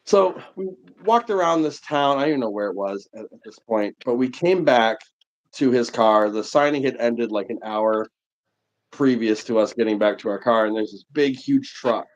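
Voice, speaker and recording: A man in his forties from New England, telling a long casual anecdote full of fillers on a livestream. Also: mid-range voice. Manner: rambling, animated anecdote telling with many fillers. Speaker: livestream host. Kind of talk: casual storytelling chat. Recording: muffled lo-fi stream audio.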